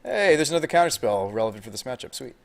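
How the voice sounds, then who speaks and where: A man streaming live, commenting on a card game and chatting with viewers in a deadpan delivery with little inflection. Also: medium pitch, quick pace, creaky. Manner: thinks aloud, chats with viewers.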